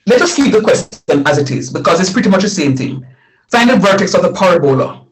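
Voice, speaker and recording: Man, middle-aged, math teacher, live lesson, slightly high voice, repeats phrases, quizzes students. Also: a little fast, poor audio.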